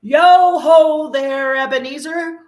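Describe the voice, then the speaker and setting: Lady putting on a big jolly old merchant guy, way up high, loud and stretched out, echoey. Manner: booming, drawn-out hearty calls. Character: jovial fat old male merchant, hearty. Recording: echoey room.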